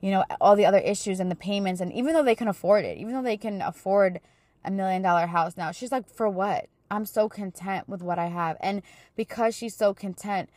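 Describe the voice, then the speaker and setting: A woman in her thirties talks through a casual faith podcast at a middle pitch. She is earnest and chatty, with plenty of fillers. The recording is close and dry. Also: brisk, a little mellow, no room sound. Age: 30s. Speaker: podcast host.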